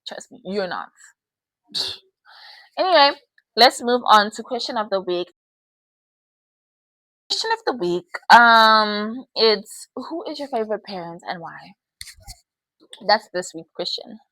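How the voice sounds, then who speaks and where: A woman's voice: medium pitch, expressive, slow, pauses often, sharp tone, dry recording, rough recording. A young woman hosting a podcast, giving candid advice in a casual chat and laughing often. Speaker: podcast host.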